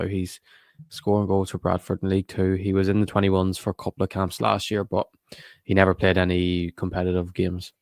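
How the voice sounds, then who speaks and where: A young man co-hosts a casual podcast in a measured, informative way. His voice is very deep and gravelly, with a flat, even delivery. The recording is close and dry. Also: dry recording. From Ireland. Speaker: podcast co-host.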